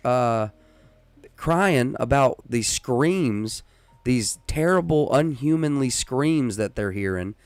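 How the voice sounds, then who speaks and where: A man hosting a casual live-stream podcast, who talks in an emphatic, rambling way with many restarts and works himself up into loud, excited rants. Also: medium pitch, takes it slowly, clean tone, dry recording. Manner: rises into loud, excited ranting. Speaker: podcast host.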